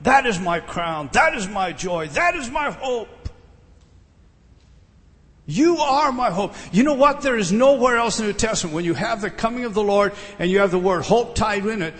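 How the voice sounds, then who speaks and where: A man's voice: high-pitched, expressive, a little fast, hardly any pauses, a bit bright, in a large hall. A middle-aged man preaching a sermon, emphatic, often repeating words and putting questions to his listeners. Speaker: pastor.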